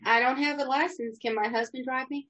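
A woman's voice: high voice, fairly even intonation, fairly quick, a bit bright. A woman co-hosting a podcast, easygoing and giggly in casual chat. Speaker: podcast co-host. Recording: dull lo-fi recording.

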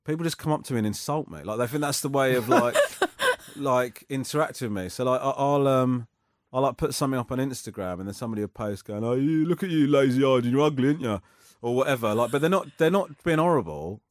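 A man's voice: mid-range voice, no echo, studio quality. A man, chatting as a comedian guest in a rambling, self-mocking way, often laughing. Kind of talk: casual interview chat.

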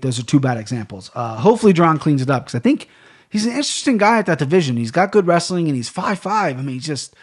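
A man hosting a casual MMA podcast, blunt and profane, rambling through fight picks with lots of restarts. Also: fairly high pitch. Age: adult with a young daughter. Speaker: podcast host.

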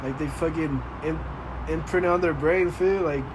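A man's voice: on the high side, moderate pace. A young man in casual chat, profane, laughing and reacting. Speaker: podcast co-host. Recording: noisy background.

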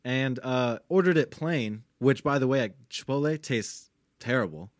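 Man, podcast co-host, casual storytelling, rambling, swears a lot, mid-pitched voice, dry close sound. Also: moderate pace, dry recording. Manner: laid-back, rambling, swears often, laughs through his stories.

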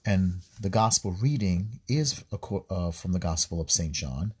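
Husky low-voiced man teaching scripture. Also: lively intonation, measured pace, few pauses, a little mellow, no echo. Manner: repeats words and restarts often, earnest. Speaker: Bible study host. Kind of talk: informal scripture commentary.

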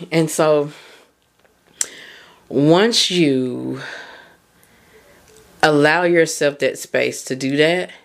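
A woman hosting a podcast and coaching, talking in a candid, conversational way with casual swearing and frequent laughter. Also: low voice. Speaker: podcast host and mindset coach.

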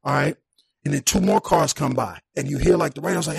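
A young man telling a personal story on a podcast in a casual, animated way, acting out the people in it. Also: medium pitch, brisk, creaky, over a noisy crowd. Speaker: podcast guest.

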